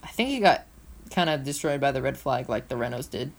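A woman co-hosting a casual motorsport podcast, talking in an excitable, rambling, playful way. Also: extremely low pitch, fairly quick. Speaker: co-host.

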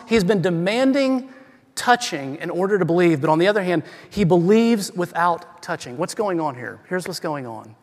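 Guy preaching a sermon, pushes hard, repeats himself, lots of questions, echoey church. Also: high-pitched. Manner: emphatic, repetitive preaching with rhetorical questions. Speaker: pastor. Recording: long hall reverb.

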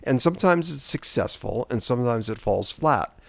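Lively-voiced man co-hosting a movie podcast. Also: medium pitch, moderate pace, creaky. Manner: agreeable, echoes words, laughs easily. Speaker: podcast co-host. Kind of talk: casual movie-review chat.

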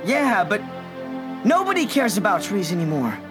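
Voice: medium pitch, sing-song, moderate pace, over music, natural voice. An actor voicing a doubtful young boy questioning what he is told. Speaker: film character.

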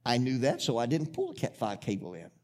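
A man's voice: medium pitch, wildly swooping pitch, brisk, a little mellow. A man preaching a sermon, rambling through a story with restarts before building into emphatic, repetitive preaching.

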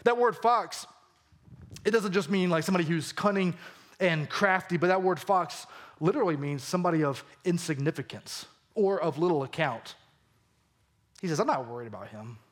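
A man's voice: high-pitched, normal speed. A man with a Southern American accent preaching a sermon as a pastor, earnest and conversational, full of questions put to his listeners. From Georgia, US.

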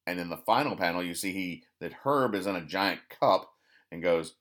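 A man with a lowish voice talks through newspaper comics in a dry, deadpan way. He rambles and trips over his words, fixing himself mid-sentence. His explanations of each gag come out flat and sarcastic. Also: moderate pace. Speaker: podcast host. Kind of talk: deadpan comic-strip recap.

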